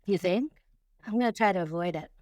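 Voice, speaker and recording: Smooth-voiced woman podcast co-host. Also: lowish voice, a little mellow, no room sound, clean studio sound. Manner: teasing, quick back-and-forth replies. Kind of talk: casual podcast chat.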